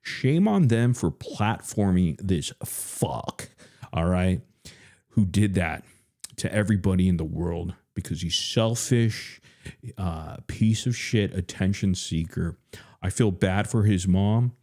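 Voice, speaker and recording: A man's voice: low voice, lively intonation, slow pace, darkish tone. A man hosting a livestream, ranting bluntly and profanely with many hesitant fillers. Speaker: livestream host.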